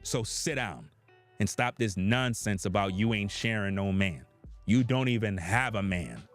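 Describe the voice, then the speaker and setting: A man's voice: lowish voice, animated, unhurried, faint music behind. A man giving opinionated reaction commentary, blunt and profane, addressing his viewers directly.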